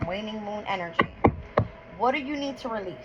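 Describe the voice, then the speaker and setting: A woman's voice: medium pitch, lively intonation, a little fast. A woman doing a casual tarot and astrology reading, counting cards aloud and getting heated, blunt and full of swearing. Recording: dull lo-fi with clear background noise.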